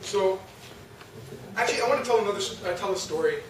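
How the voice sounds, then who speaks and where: A young man with a high voice gives a talk to an audience. He keeps it chatty and ends sentences with "right?" He sounds far from the mic in a very echoey, noisy hall. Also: expressive, quick pace. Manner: conversational, asks the audience, frequent rhetorical "right?". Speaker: lecturer. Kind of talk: religious youth talk.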